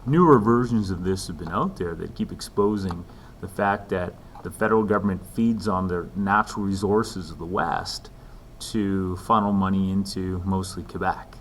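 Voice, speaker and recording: A man's voice: sits low, normal speed, slight background noise. A man teaching a recorded lesson in a conversational way, with frequent ums and dry asides. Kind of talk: recorded lecture walkthrough.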